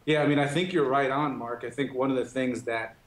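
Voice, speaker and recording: A man speaking as a professor and guest, explaining clearly and steadily at a mid pitch. His voice carries a noticeable echo, as if recorded in a roomy space, and he punctuates his points with "right". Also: fairly even intonation, brisk. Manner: articulate, explanatory, frequent "right". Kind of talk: interview. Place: remote studio.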